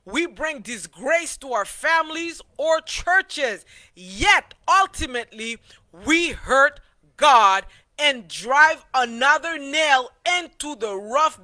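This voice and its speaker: A man's voice: extremely high pitch, pushed and bright. A man teaching a Sabbath School Bible lesson in a loose, preachy way, with many fillers and restarts.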